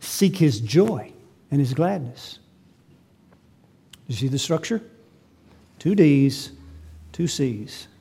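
A man preaching from the pulpit in a fairly high voice. He rises to loud, emphatic peaks, then drops to quiet, almost conversational asides. The delivery is animated and teacherly. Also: slow pace, vocal fry, long pauses, breathy edge. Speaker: pastor. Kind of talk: sermon.

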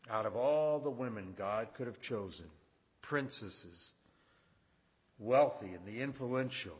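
A man preaching a sermon as pastor, repeating key phrases for emphasis and building from quiet reflection to emphatic preaching. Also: on the low side, husky, long reverb tail, dull audio.

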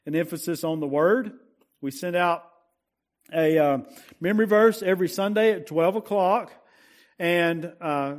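Male preacher, high pitch, slow deliberate delivery, quizzes the congregation, leans hard on scripture. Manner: asks the congregation questions, slow emphatic scripture reading. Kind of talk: sermon.

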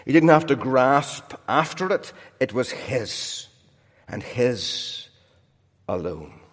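A man's voice: medium pitch, big pitch swings, slow pace. Preacher man in a reverberant hall. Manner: dynamic, swings from loud emphasis to soft hushed drops. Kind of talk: sermon. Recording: long reverb of a large hall.

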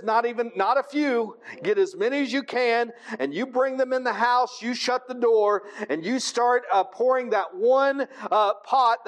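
In his sermon, a high-voiced preacher reads a scripture passage, then breaks it down in everyday conversational terms, regularly asking his audience "right?".

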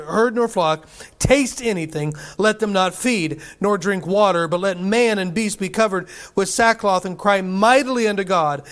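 A high-voiced male preacher reads scripture aloud and delivers an emphatic sermon, repeating himself and putting questions to the congregation.

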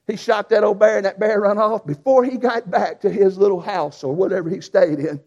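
A preacher who tells a folksy, animated story in a sermon. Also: male voice, sits high, a little fast. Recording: dull lo-fi sound.

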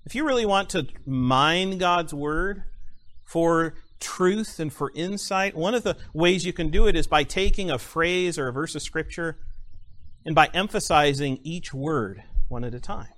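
Male pastor, sermon delivery: unhurried, bright tone, lands hard on single words, rhythmic repetition. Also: fairly high pitch. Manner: emphatic, stresses single words with dramatic pauses; repeats phrases rhythmically for emphasis.

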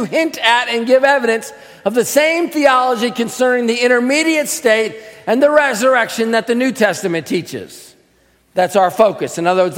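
A man with a very high voice preaching a sermon, his words ringing out with a long hall reverb. He teaches casually, poses questions to the congregation, and pushes his voice up hard to stress key points. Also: fairly bright tone. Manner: conversational teaching with rhetorical questions; emphatic, raises voice for stress. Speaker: pastor.

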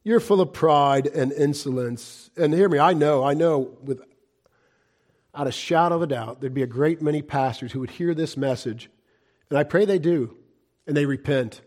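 Middle-aged male pastor with a high-set voice; fervent evangelistic preaching with big swings between cries and quiet warnings. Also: normal speed. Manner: impassioned, swings from loud cries to hushed, low-voiced warnings. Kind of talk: fiery evangelistic sermon.

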